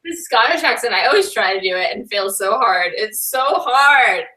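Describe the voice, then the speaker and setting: A woman's voice: on the high side, lively intonation, normal speed, bright, forceful tone, distant mic, low-quality recording. A young woman co-hosting a casual live-stream chat, giggly and chatty. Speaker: co-host. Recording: voice a little off-mic.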